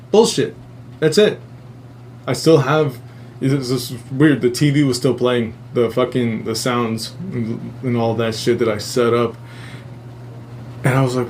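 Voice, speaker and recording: A man's voice: medium pitch, a little hiss or hum. A man hosting a podcast, telling a strange dream story in a casual, profane way and acting out the quotes. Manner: profane, animated retelling with acted-out quotes. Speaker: podcast host.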